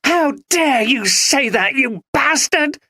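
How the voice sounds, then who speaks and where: Brief: shrill, raging young woman in a storybook row, done by a male reader. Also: animated, slow, no room sound, studio quality, exaggerated voice. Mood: furious. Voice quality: shrill, shouting.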